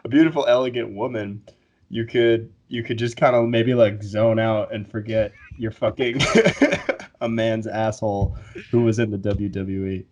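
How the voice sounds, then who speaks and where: A man's voice: fairly low pitch, fairly even intonation, normal speed, darkish tone, highs cut off. A young man co-hosting a podcast in casual chat, laid-back, swearing freely and laughing often. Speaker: podcast co-host.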